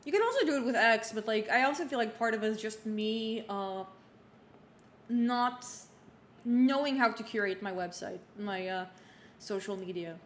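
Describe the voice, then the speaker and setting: A woman's voice: a little high, normal speed. A young woman in her twenties, a streamer chatting casually and recapping a game, rambling with many fillers and restarts. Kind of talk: casual livestream chat while playing. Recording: roomy room echo, faint background hum.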